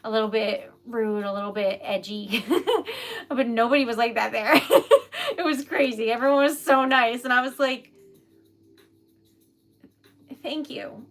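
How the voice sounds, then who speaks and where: A woman's voice: fairly high pitch, moderate pace, a bit bright. A young woman from New England chatting casually with live viewers, emotional and giggly, rambling with lots of fillers. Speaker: livestream host, poet.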